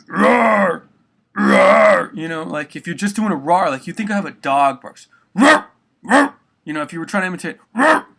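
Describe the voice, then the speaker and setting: Bright-voiced man, rambling and swearing. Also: on the high side. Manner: loose, rambling, swears often. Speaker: vocal tutor. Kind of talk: casual spoken tutorial.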